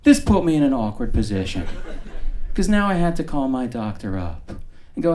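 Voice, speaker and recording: A male stand-up comedian delivers his set in a flat, deadpan manner, talking at an even, middling pitch. His voice comes through a stage mic in a live show recording with a clear layer of background noise. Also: normal speed. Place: comedy club stage before a live audience.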